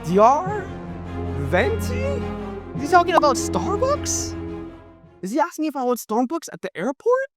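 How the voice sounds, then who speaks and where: Narrator doing a baffled young man, high-pitched. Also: huge pitch swings, measured pace, long pauses, over loud music, heavily acted. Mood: confused. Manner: baffled, rising questions. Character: confused male Mandarin learner, bewildered. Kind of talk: animated explainer video.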